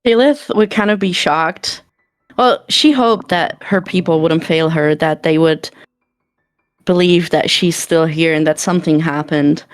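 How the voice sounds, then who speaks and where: A woman's voice: deep voice, measured pace, dry recording, faint music behind. A woman playing a tabletop game, describing her character's feelings in a hesitant, thoughtful way. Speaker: player.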